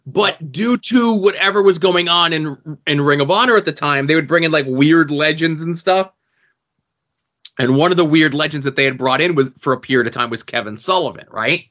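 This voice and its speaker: A man's voice: fairly high pitch, moderate pace, fairly bright tone. A man co-hosting a podcast, telling a behind-the-scenes story in casual, teasing chat with some swearing. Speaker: podcast co-host, show insider. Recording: muffled lo-fi sound.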